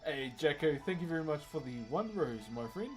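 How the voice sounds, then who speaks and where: A man in his thirties with a New Zealand accent, chatting casually to his livestream chat in a relaxed, slangy way while he carves wood. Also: a little high, fairly quick, soft background music. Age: 30s. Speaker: wood carver streaming live.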